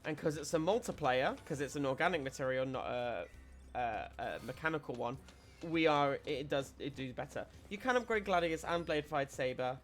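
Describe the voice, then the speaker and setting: A man's voice: fairly high pitch, expressive, moderate pace, soft background music. A man streaming a video game, giving casual commentary as he explains tactics, often restarting his sentences.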